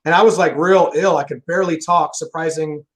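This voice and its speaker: Fast-talking, high-voiced man. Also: fairly even intonation, poor audio. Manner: fast, rambling and emphatic, swears freely. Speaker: solar sales pro guest. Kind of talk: casual interview chat.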